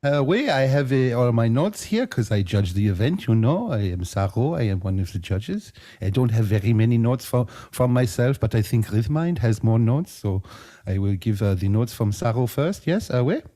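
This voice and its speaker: A man impersonating French beatbox judges in a put-on French accent, halting and full of "uh" as he reads out judging notes. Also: medium pitch, very animated, warm tone, lightly acted. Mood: playful. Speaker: judge giving feedback.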